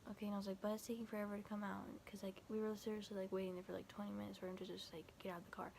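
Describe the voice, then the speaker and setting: A little hiss or hum accompanies a young woman vlogger retelling a scary night very fast. Her medium-pitched voice is creaky and a little mellow, with little pitch movement, and her telling rambles, loaded with fillers, restarts and constant "I was like," "he's like" text quotes.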